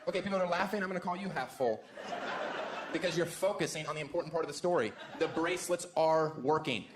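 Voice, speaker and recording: A slightly high-voiced American man delivers a fast stand-up set to a live audience at a big venue, and the sound is very noisy. He lands sarcastic, provocative punchlines and jumps abruptly into exaggerated voices as laughter and applause echo around the hall.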